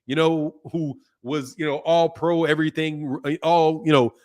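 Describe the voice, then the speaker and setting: A little slow in delivery, a high-voiced man hosting a boxing channel's casual livestream reads viewer comments out loud. His blunt answers are peppered with profanity, laughter and lively asides.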